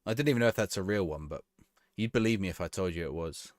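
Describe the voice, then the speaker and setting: A man's voice: deep voice, quick pace, dry recording, studio quality. A man chatting casually to his viewers on a live stream, laughing and reacting to a match as he talks. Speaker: livestreamer.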